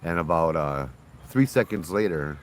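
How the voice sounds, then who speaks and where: A man with a low voice tells a ghost story in a casual, chatty way. He sounds relaxed and slips into the voices of the people in the story. He is recorded outdoors with faint noise in the background. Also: normal speed.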